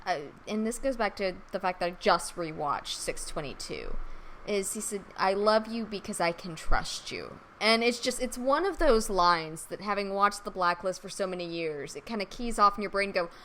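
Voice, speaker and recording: A woman's voice: mid-range voice, lively intonation, moderate pace, sharp tone, slight background noise, poor audio. A woman co-hosting a casual fan podcast, chatty and laughing often. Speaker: podcast co-host.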